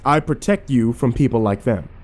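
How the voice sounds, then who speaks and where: A man voicing a burly, gruff male orderly with a deep, growling Tennessee accent. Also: normal speed, a little mellow, natural voice.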